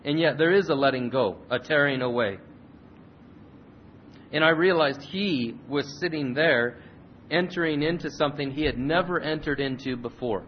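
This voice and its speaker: A man preaching a sermon and leading a prayer, earnest, repeating and restarting phrases. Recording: slightly muffled recording with faint rumble.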